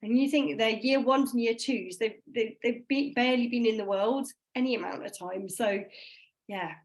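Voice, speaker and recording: A woman's voice: on the high side, moderate pace, rough recording. A woman from England, a phonics trainer, explaining to volunteers in a conversational, reassuring way over a video call. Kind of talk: online training session talk.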